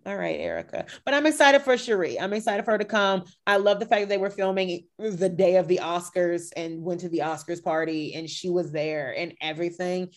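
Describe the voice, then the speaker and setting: A woman hosting a podcast in casual chat, animated and playfully shady, acting out reactions. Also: lowish voice, moderate pace. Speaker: podcast host.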